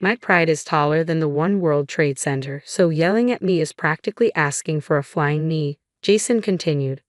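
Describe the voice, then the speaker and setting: A middle-aged woman narrating a scripted family drama story in an even, measured reading voice, doing every part herself. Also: sits low, dry recording, clean studio sound.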